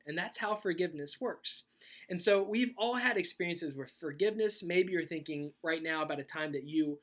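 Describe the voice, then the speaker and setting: A man speaking as a youth pastor in a sermon video. He talks in a conversational, animated way and tells a personal story, laughing as he goes. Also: a little high. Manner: conversational, animated, laughs while telling stories.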